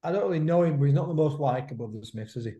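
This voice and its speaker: Mellow-voiced man in his fifties. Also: fairly high pitch, lively intonation, racing, muffled recording. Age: 50s. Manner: chatty, repeats himself, drops in "mate" and "isn't it?" tags. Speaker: podcast co-host. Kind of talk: casual chat about boxing. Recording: roomy echo.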